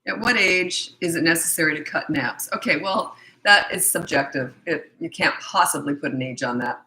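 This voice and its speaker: A middle-aged woman answers parenting questions in a blunt, matter-of-fact way. Her voice sits on the low side but comes out bright and forceful. Her throat is a little scratchy. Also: moderate pace. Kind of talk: casual Q&A advice.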